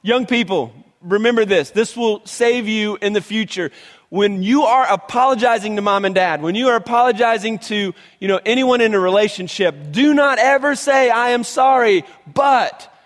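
A male pastor preaching a sermon in an animated, conversational way, often restarting his phrases. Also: sits high, moderate pace, big-room sound.

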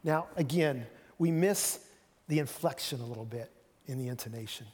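A man's voice: mid-range voice, normal speed, darkish tone, husky, big-room sound. A man preaching a sermon in a conversational way, often repeating phrases and acting out quotes.

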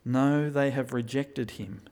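A man preaching a sermon, moving between quiet reflection and loud, emphatic pleading. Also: mid-range voice, takes it slowly.

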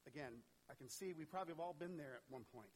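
A man preaching a sermon in an animated, conversational way, talking straight to his congregation. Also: on the high side, fast talker, slightly rough, low-quality recording. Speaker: pastor.

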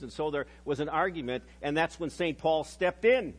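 A middle-aged male pastor preaching a sermon in an earnest way, slowing down on key phrases and dropping low and soft for solemn lines.

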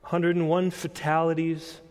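A man preaching a sermon as pastor, telling a story deliberately and pressing his point with earnest emphasis. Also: on the high side, little pitch movement, clean tone. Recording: long church-hall reverb.

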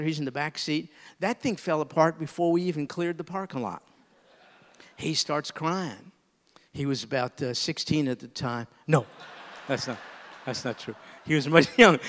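A middle-aged man preaching a sermon, telling a personal story and rising to emphatic pleas. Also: on the high side. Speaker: pastor. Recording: long hall reverb.

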